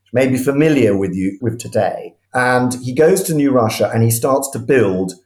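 Guy telling history stories all excited, middle pitch, kinda roomy sound. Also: normal speed. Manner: animated, enthusiastic storyteller with frequent restarts. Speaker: historian guest. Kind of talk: storytelling history talk.

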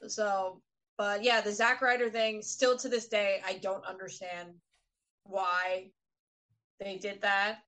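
A woman co-hosting a wrestling podcast, talking in a relaxed, casual way. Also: mid-range voice, takes it slowly, rough recording. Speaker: podcast co-host. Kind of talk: casual chat.

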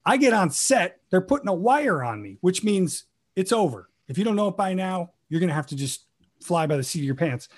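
A man guest actor telling lively stories and acting out quoted lines, with an improv comedy background. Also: high voice, a little fast. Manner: animated, acts out quoted lines with laughs. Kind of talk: casual storytelling.

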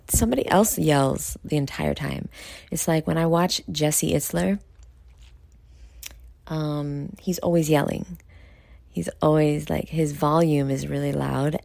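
A young woman, talking late at night about herself in a candid vlog, loud and excitable, with many fillers, sounding tired. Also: low voice, gravelly, no room sound. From New York. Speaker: podcast host. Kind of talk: candid self-talk vlog.

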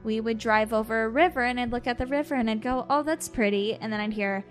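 Animated woman telling a story. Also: on the high side, quick pace, soft background music. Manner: animated, laughing and swearing. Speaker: podcast host. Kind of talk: casual storytelling. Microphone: video call.

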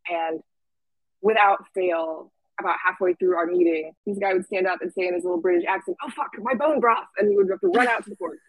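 A woman's voice: lowish voice, quick pace, no room sound, poor audio. A young woman telling a camp story in a casual, chatty way, full of fillers and quoted voices. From Washington State. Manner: chatty, lots of "like" fillers, lively quoting. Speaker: camp staff guest.

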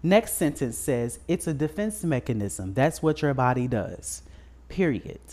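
A man's voice: medium pitch, sing-song, a little slow, a little mellow. A man co-hosting a podcast in a casual chat, telling a story bluntly with crude slang. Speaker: podcast co-host.

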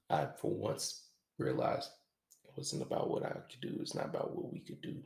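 A man hosting a podcast, talking in a halting, reflective, casual way with some swearing. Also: lowish voice, sing-song, vocal fry. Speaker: podcast host. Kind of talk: confessional podcast monologue. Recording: echoey room.

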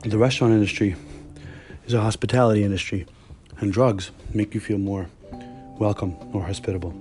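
A man's voice: lowish voice, fairly even intonation, a little fast, darkish tone, soft background music. A man hosting a podcast, telling stories in a casual, blunt and profane monologue. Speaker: podcast host.

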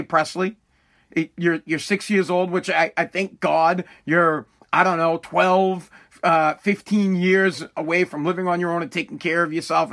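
High, bright-voiced guy in his thirties, rambling and profane, blunt, stop-start monologue. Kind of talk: ranting monologue.

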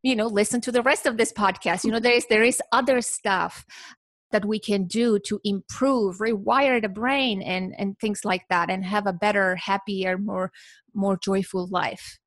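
Woman, podcast guest, measured explaining, dry close sound. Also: mid-range voice, steady tone, dry recording. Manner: measured, explains with examples and lists.

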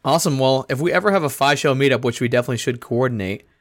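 A man co-hosting a casual podcast, upbeat and chatty, his voice a little hoarse. The sound is dry and close, with no room around it. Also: medium pitch, very fast, no room sound. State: slightly hoarse. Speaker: podcast co-host.

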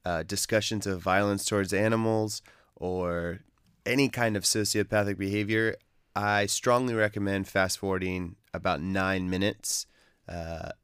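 A man hosting a show, giving a measured, deliberate introduction with a content warning. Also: low-pitched, steady tone, fairly bright tone, clear, resonant tone, no echo, studio quality. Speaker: podcast host.

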